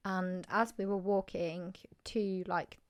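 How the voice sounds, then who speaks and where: A woman's voice: mid-range voice, steady tone, takes it slowly, clean tone. A young English woman in her twenties telling a long story in a rambling, chatty way, full of "like" and acted-out quotes. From England. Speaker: podcast host. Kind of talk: casual storytelling chat.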